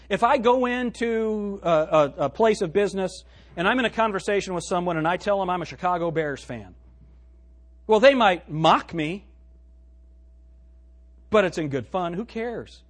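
Husky pastor guy preaching, voice goes all over, kinda high. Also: normal speed, long pauses. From United States. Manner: animated preaching, swinging from loud to hushed; quotes scripture in old-fashioned wording. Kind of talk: sermon.

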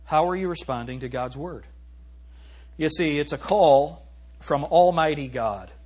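Husky-voiced preacher, high and lively. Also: male voice. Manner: animated preaching, swings from loud to hushed; reads scripture in a slow, emphatic cadence. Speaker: pastor. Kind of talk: sermon. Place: church sanctuary.

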